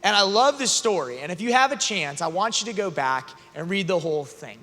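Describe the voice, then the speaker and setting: A man's voice: high voice, fairly quick. A man speaking at a youth conference, retelling a scripture story with humor and acting out the characters. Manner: animated, joking, acts out characters. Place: large conference hall. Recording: long reverb of a large venue.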